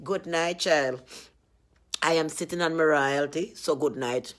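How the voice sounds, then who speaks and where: A woman's voice: low voice, a little slow. A woman chatting casually with her viewers, teasing and laughing often.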